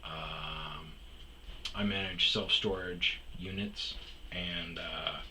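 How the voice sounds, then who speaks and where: A middle-aged man talks slowly in a rather low voice, cursing as he rambles through an exasperated rant. His tone is very bright and tense. Faint noise sits under the recording. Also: steady tone. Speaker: podcast host. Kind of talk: casual rant.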